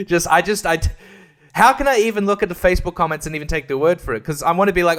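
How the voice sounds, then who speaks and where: High-voiced sarcastic young man. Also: quick pace, a bit bright. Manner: crude, sarcastic, rambling, laughs often. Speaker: podcast host. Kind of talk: casual solo podcast rant.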